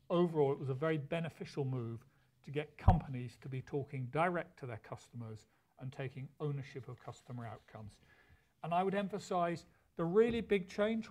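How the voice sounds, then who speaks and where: A man presents at a conference in a slightly raised voice. He sounds measured and deliberate, and he often restarts a phrase to stress a key point. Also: fairly high pitch, darkish tone. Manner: measured, with frequent restarts and emphasis. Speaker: conference speaker.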